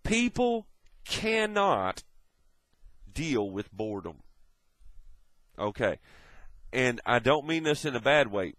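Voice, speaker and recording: A man's voice: mid-range voice, big pitch swings, slow, pauses often, fairly bright tone, no echo, low-quality recording. A man delivering a blunt, profane ranting monologue, lecturing in a swearing tone. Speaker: video blogger.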